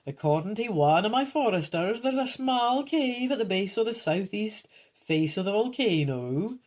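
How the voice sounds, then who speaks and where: A woman's voice: medium pitch, expressive, moderate pace, darkish tone, voice pushed up, lightly acted. A woman voicing an old man who begs a hero to take on a quest, reading aloud from a gamebook. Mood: imploring.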